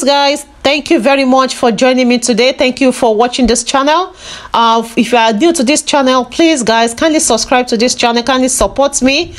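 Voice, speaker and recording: A woman talking to her viewers in an emotional vlog, earnest and pleading, repeating herself often. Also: fairly high pitch. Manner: emotional, sorrowful. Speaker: vlogger.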